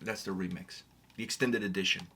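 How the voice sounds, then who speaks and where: A man's voice: deep voice, fairly even intonation, fairly quick, sharp tone, breathy edge. A man co-hosting a reaction video in casual chat, joking and swearing freely.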